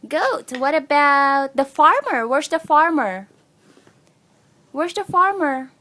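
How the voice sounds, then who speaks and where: A woman's voice: high voice, lively intonation, slow, pushed and bright. A mother talking to her toddler at home, sing-song and encouraging, praising each try.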